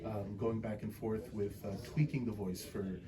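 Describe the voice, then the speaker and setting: A fan at a convention asking a question in a halting way, with lots of fillers. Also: male voice, lowish voice, steady tone, crowd noise, low-quality recording. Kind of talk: audience question. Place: convention hall.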